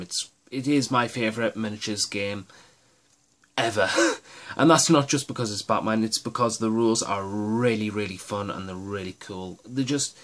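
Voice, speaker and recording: This man has a lowish, fairly bright voice and runs a channel about miniatures gaming. He walks through tactics in a loose, eager, meandering way, frequently starting over mid-thought.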